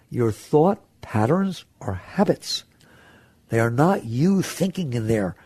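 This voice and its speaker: A man's voice: mid-range voice, gravelly, a little mellow, breathy edge, no echo. A man giving an earnest spiritual talk to an audience, an author and teacher who asks frequent rhetorical questions.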